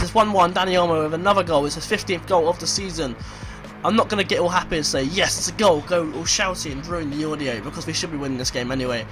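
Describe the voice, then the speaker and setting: A young man giving casual commentary over a football management game, swearing, mocking himself and breaking into excited outbursts. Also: on the high side. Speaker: gaming video creator.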